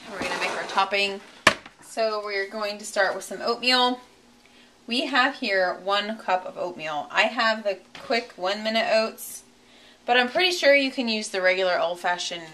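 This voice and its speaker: A woman's voice: medium pitch, a little slow, sharp tone, a little hiss or hum. A woman hosting a home cooking demonstration in her kitchen, chatty and giggly, poking fun at herself as she works. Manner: chatty, giggly, self-deprecating. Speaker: cooking show host.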